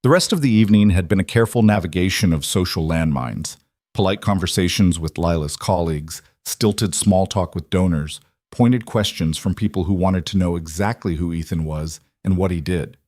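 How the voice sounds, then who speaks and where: Brief: male storyteller, low, measured, dry close mic. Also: a little mellow, no echo. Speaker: narrator. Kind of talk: scripted story narration.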